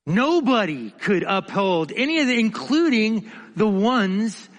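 A man preaching a sermon, dramatic, swinging between emphatic lines and quiet, hushed asides. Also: high voice, big pitch swings, a little slow, long reverb tail.

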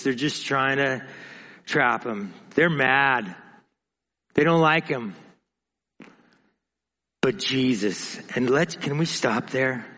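A man preaching a sermon, dramatic, swinging between emphatic lines and quiet, hushed asides. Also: a little high, in a large hall.

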